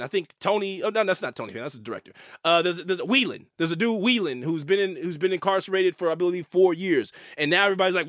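A man's voice: sits high, fast talker, few pauses, no room sound, clean studio sound. A male host, talking emphatically and swearing as he delivers opinionated commentary. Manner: animated, emphatic, swearing, with fillers and repeats.

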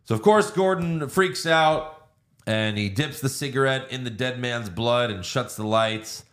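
A man's voice: mid-range voice, measured pace, fairly bright tone. A man co-hosting a podcast, casually recapping a movie plot with fillers and swearing. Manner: recounts plot with fillers and acted quotes. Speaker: podcast co-host.

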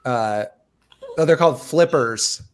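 A man's voice: medium pitch, slow pace. A young man co-hosting a casual podcast, chatty and joking. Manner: chatty, joking, lots of restarts and laughs. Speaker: podcast co-host. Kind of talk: casual chat.

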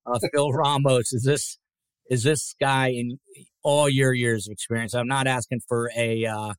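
A chatty man hosting a live podcast panel. He reads viewer comments aloud and drifts into casual asides. The recording is dry and close, with a pitch in the middle range. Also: level tone, unhurried, clear, resonant tone, no room sound. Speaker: podcast host.

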